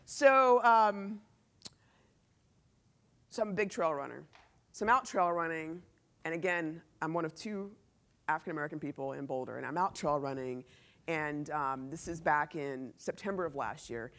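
A man's voice: on the high side, moderate pace. A man speaking as a company CEO in a conference talk before a live audience, telling stories animatedly and acting out the dialogue. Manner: animated storytelling, acts out quoted dialogue, laughs often.

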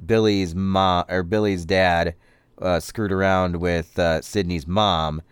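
A man hosting a podcast, casually and jokingly recapping a film, with lots of animated voices. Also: sits low, slow pace, clean tone, no room sound, clean studio sound. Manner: chatty, jokey, animated impressions. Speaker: podcast host.

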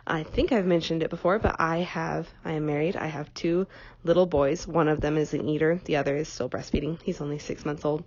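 A young woman hosting a casual solo podcast, sounding slightly nasal from a cold and talking in a relaxed way with frequent ums. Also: sits low, brisk, highs cut off. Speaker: podcast host.

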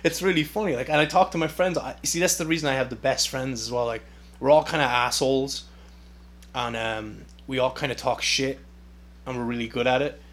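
A man's voice: medium pitch, steady tone, a little fast, a bit bright. A man hosting a podcast in a casual solo rant, sarcastic and profane, rambling with lots of fillers. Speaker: podcast host.

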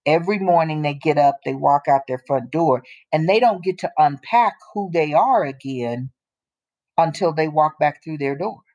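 A woman co-hosting a casual opinion chat, talking bluntly and emphatically and slowing down to press her points. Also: deep voice, expressive, darkish tone, muffled recording. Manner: emphatic, blunt, drops into slow deliberate points. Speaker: co-host.

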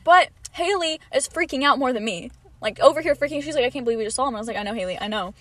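A woman's voice: high-pitched, animated, very fast, a bit bright, dry recording. A young woman co-hosting a casual chat podcast, telling a long story and quoting everyone with lots of "like". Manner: storytelling, quoting others with many "like"s. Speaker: podcast co-host.

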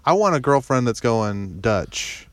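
A man's voice: medium pitch, sing-song, unhurried, no echo. A man co-hosting a casual podcast, joking in a goofy, mock-sheepish way and laughing often. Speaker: podcast co-host. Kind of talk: casual chat.

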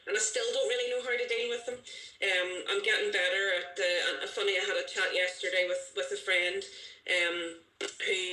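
A woman's voice: lowish voice, bright, forceful tone. A woman talking casually and emotionally on a podcast, rambling with restarts and often laughing. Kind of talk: casual chat. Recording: echoey room, faint background noise.

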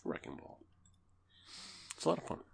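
A young Canadian man with a Canadian accent, talking casually about a video game as a podcast co-host. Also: moderate pace. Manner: animated, laughs often. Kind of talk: casual gaming chat.

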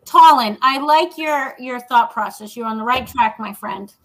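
A woman guest on a casual podcast, blunt and quick to laugh, who swears freely. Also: a little high, a bit bright, low-quality recording. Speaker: guest author.

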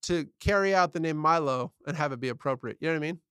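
A man's voice: on the high side, fast, bright, forceful tone, clean tone, no room sound, clean studio sound. A man co-hosting a podcast in casual chat, voicing blunt opinions and laughing often. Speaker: podcast co-host.

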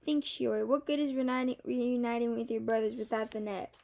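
Small chirpy female bird as a woman voices her, fussy, scolding, high-pitched, mellow, audiobook character. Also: fairly even intonation, a little fast, vocal fry, muffled recording, a little hiss or hum.

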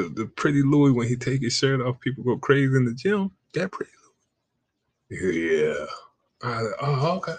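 A man's voice: medium pitch, slightly rough, dry recording. A man telling a personal story in a casual, slangy way, acting out the lines of the people in it. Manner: acts out quoted dialogue in a raised voice; slangy, conversational.

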